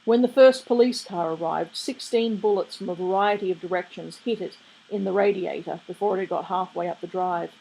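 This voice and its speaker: A woman reading a novel aloud in a steady storytelling way. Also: lowish voice, a little fast, vocal fry, breathy edge, poor audio. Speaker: reader. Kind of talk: audiobook reading.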